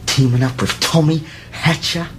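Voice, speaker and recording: A man's voice: a little high, normal speed, lightly acted. An actor playing a vengeful male gangster in a film clip, speaking in a strange wandering accent. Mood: bitter. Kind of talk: film dialogue. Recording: film clip with loud music behind.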